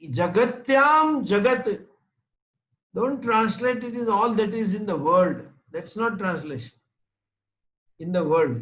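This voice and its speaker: A man's voice: high voice, fairly bright tone, poor audio. A man giving a spiritual teacher's scripture class, patiently explaining with homely examples in short, repeated phrases.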